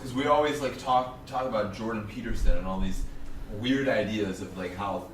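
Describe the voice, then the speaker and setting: A man's voice: on the low side, moderate pace. A man co-hosting a casual political podcast, thoughtfully raising questions and tangents. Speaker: podcast co-host. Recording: echoey, distant mic with clear background noise.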